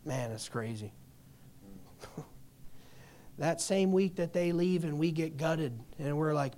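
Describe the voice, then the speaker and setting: A man in middle age delivers a sermon in a high-pitched voice. His storytelling is passionate and shifts between quiet, hushed moments and loud, emphatic peaks. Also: takes it slowly, long pauses. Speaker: pastor.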